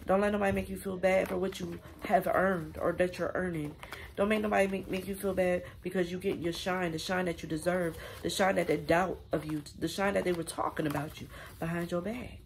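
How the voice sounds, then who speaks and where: A woman reads tarot in a loose, chatty way and keeps speaking straight to her viewers with encouragement. Her voice sits fairly low and has a gravelly fry. Faint noise hums behind her. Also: steady tone, a little fast. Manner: chatty, affirming, addresses viewers directly. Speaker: tarot reader. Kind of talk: casual spiritual reading to viewers.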